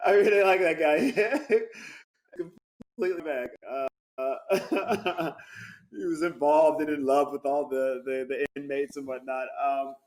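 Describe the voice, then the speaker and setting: A man chatting as a guest actor over a video call, telling stories with lots of laughter. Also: on the high side. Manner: animated storyteller, laughs often. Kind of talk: casual interview chat.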